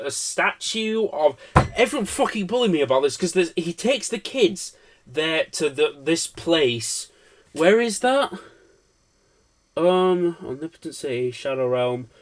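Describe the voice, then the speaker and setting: A man giving an unscripted film review, rambling, swearing and cutting himself off mid-thought. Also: a little high. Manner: rambling, profane, self-interrupting.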